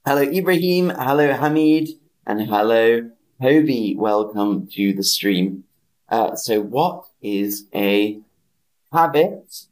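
A man teaching English on a live stream, speaking slowly and clearly, repeating phrases and greeting viewers by name. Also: medium pitch, animated, darkish tone, poor audio. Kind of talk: slow, clear language lesson with repetition.

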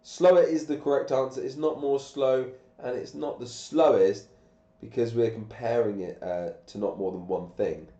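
A man's voice: medium pitch, fairly even intonation, normal speed, mellow. A man, sick and coughing, teaching grammar on a live stream with patient step-by-step questions. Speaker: English teacher. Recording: echoey, dull lo-fi room sound.

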